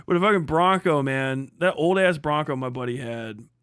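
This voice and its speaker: A man's voice: fairly high pitch, measured pace, clear, resonant tone, no echo, studio quality. A man hosting a livestream, ranting and mocking with constant swearing. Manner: swearing heavily, mocking, animated. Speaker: livestream host. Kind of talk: profane livestream rant.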